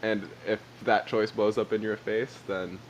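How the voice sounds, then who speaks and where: A young man co-hosts a casual podcast in a low voice, jokey and rambling, often laughing at his own bits. A faint hiss runs behind him. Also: little pitch movement, measured pace, rough recording. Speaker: podcast co-host. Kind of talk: casual chat.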